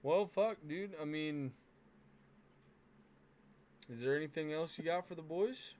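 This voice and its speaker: A man's voice: fairly high pitch, a little slow, a little mellow. A man hosting a casual gaming podcast, laid-back and swearing freely. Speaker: podcast host.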